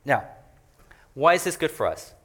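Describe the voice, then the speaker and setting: A man's voice: a little high, sing-song, normal speed, fairly bright tone. A man preaching a conversational sermon as a pastor, joking and chatty as he explains a passage. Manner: joking and chatty, laughs often.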